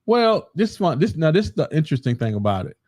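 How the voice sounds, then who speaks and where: A man's voice: on the high side, fast talker, no room sound. Regular guy guesting on a talk show, easygoing, repeats himself, dry close sound. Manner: relaxed, repeats his words, southern slang. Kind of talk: casual political talk show.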